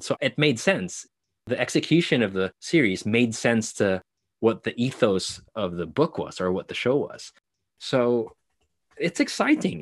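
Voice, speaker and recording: A man's voice: mid-range voice, no room sound, studio quality. A young man with a Filipino English accent, speaking thoughtfully in an interview, expanding on his ideas with occasional self-corrections. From Philippines. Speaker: actor, interview guest. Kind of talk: conversational interview.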